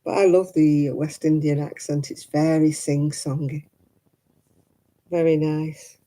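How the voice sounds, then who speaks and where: A middle-aged woman hosts a casual knitting livestream, chatting candidly and laughing often. Her voice is low, dark and flat, and she takes it slowly; the audio quality is poor.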